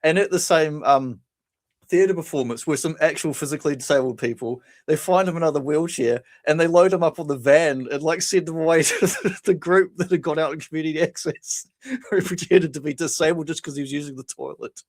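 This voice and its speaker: A man's voice: fairly high pitch, a little fast. A man, co-hosting a casual podcast, retelling comedy scenes with laughs and acted-out quotes. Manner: animated storytelling, laughs often, acts out quotes. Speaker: podcast co-host. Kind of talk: casual chat.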